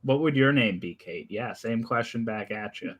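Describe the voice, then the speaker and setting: A man's voice: medium pitch, moderate pace, husky, lo-fi sound. Jokey man rambling on a video call. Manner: jokey, rambling, laughs at himself. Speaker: guest on a reading livestream. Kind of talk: casual chat on a video call.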